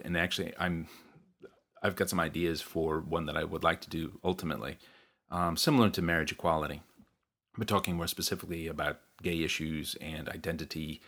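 Male podcast host, deep voice with bright tone, casual and digressive, reads listener mail. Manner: chatty, digressive, self-deprecating with frequent ums and light laughs. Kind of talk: casual solo podcast, reading listener comments.

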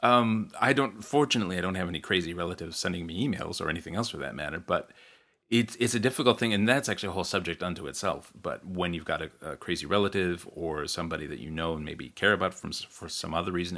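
A man's voice: low voice, fairly bright tone. A man hosting his own podcast, chatting casually and reading listener comments, digressive and self-deprecating with frequent ums. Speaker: podcast host.

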